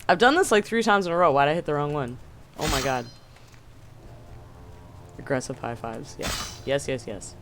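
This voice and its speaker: A game streamer giving casual live commentary, swearing often, yelling at enemies and chatting with viewers. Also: mid-range voice, moderate pace, long pauses, slight background noise.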